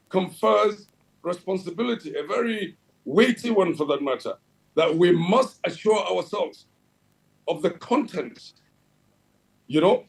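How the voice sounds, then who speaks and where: A low-quality recording captures a high-pitched man with vocal fry, a Nigerian regulatory agency head being interviewed on TV as a guest. His answers sound formal and official, with lots of fillers and restarts.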